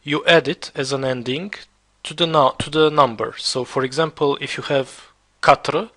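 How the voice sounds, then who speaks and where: A man teaching a beginner French lesson, repeating words slowly and spelling them out letter by letter. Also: mid-range voice, a bit bright. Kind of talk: slow beginner language lesson.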